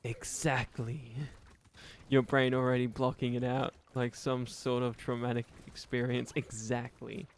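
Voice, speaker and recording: His voice sits at medium pitch and stays monotone, moving at normal speed with few pauses over a slight hiss or hum. He's a young man streaming a game and going through viewer comments casually, rambling, self-deprecating, laughing frequently, and acting out imaginary dialogues from both ends.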